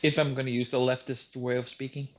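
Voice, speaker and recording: A man's voice: medium pitch, level tone, fast talker. A man from Norway with a Norwegian accent, co-hosting a casual podcast with sarcastic, crude banter. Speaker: podcast co-host.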